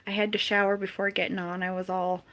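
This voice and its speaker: A livestream host with a mid-range, slightly bright voice talks quickly with little pitch movement. Giggly and laughing often between greetings, she chats casually while reading and answering viewers' comments.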